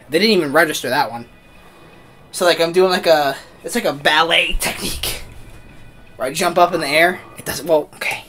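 A young man gives excitable gaming commentary from his desk at home, and his pitch swings up and down all the time. His voice is bright and sharp, and it bursts into yelps and shouts as he plays. Faint game music sits behind him. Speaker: gaming video creator. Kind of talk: excitable let's-play commentary. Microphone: desk mic, camera off.

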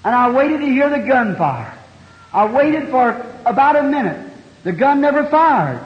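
A man's voice: extremely high pitch, sing-song, unhurried. A man preaching a sermon, telling a story in a folksy country way with plain homespun grammar. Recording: dull, echoey 1960 hall recording.

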